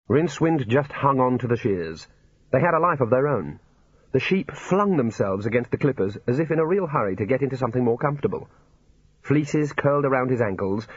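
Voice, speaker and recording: A man reading an audiobook in a dry, unhurried storytelling manner. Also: medium pitch, slightly rough, dry recording, dull audio. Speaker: narrator. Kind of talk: audiobook narration.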